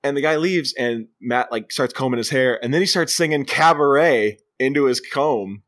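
A man co-hosting a casual movie review podcast, retelling scenes with quick put-on voices and frequent laughter. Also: medium pitch, a bit bright. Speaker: podcast co-host.

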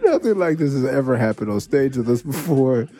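A middle-aged man hosting a podcast, telling stories in a casual, animated way, laughing and swearing freely. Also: mid-range voice, brisk, slight background noise. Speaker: podcast host. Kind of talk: casual storytelling.

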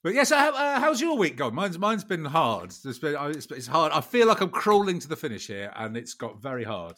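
A man's voice: on the high side, big pitch swings, fairly quick, fairly bright tone. A British man co-hosting a podcast, bantering in a jokey, self-mocking way. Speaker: podcast co-host. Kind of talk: casual comedic chat.

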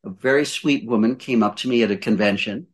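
A man's voice: lowish voice, a little fast. An older man giving voice-over advice in a podcast conversation, emphatic, repeating his points and asking rhetorical questions. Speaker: guest voice-over coach.

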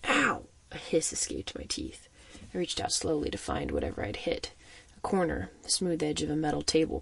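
A man narrating a first-person audiobook story in an expressive, suspenseful manner. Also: a little high, creaky, husky, dry recording.

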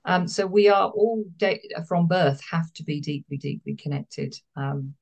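A woman's voice: low-pitched, unhurried, vocal fry, a little mellow. A woman therapist, speaking as a guest in a podcast interview, explaining earnestly and repeating words for emphasis.

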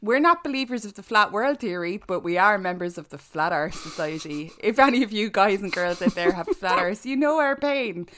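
A woman co-hosting a podcast, chatting in a brash, swearing, animated way. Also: medium pitch, moderate pace, few pauses, a little hiss or hum. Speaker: podcast co-host. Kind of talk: casual chat.

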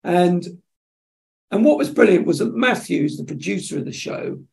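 A man, a television executive, telling lively anecdotes in an interview and acting out the dialogue. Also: high-pitched, normal speed, gravelly. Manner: animated storyteller acting out dialogue. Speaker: television executive, podcast guest.

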